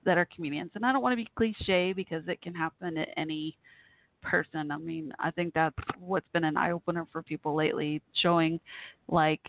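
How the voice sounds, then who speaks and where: A woman hosting a call-in talk show, speaking haltingly through tears with many fillers and restarts. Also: sits low, steady tone, no room sound. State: near tears. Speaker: host. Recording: tinny phone-line audio.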